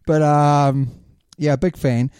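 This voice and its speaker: A man trades stories in a relaxed rugby chat, chatty and quick to make fun of himself. His voice is very dark and mellow. It is recorded close and dry, with no room sound. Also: fairly high pitch, smooth, no room sound. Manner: chatty, jokey, self-deprecating. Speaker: podcast co-host. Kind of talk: casual chat.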